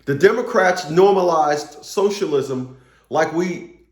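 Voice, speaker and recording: This political commentator speaks slowly, his fairly high voice echoing in the room. In a casual rant he rambles on, repeats himself and curses.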